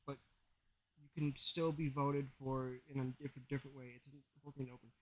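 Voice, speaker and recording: A man's voice: medium pitch, little pitch movement, fairly quick, a little hiss or hum, low-quality recording. A young man co-hosting a podcast, chatting casually about sports and explaining things at length with plenty of restarts. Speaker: podcast co-host.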